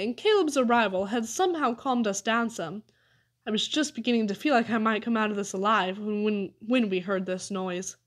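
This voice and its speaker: A woman narrating a children's story aloud with an expressive reading. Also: a little high. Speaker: audiobook reader.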